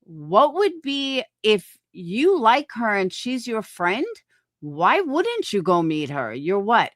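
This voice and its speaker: A woman's voice: medium pitch, very animated, slow, dry recording, clean studio sound. A woman in her forties hosting a stream, reacting to clips in a blunt, mocking, profane way. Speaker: stream host reviewing clips. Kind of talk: casual reaction commentary.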